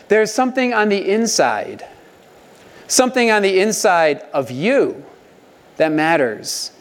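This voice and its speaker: Lively man preaching a story sermon. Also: sits high, smooth. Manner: animated, acts out quoted shouts, asks audience questions. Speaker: conference speaker.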